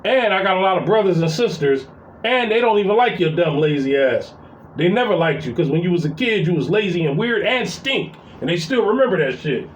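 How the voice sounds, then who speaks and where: A man's voice: sits high, animated, fairly quick, poor audio. A middle-aged man talking straight to his audience in a casual venting monologue, heated and full of profanity as he tells a family story. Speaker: vlogger.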